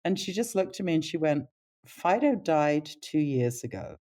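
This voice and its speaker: A middle-aged woman, a palliative care nurse, telling stories in a casual interview and jumping up in pitch when she quotes people. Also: normal speed. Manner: animated pitch when quoting others.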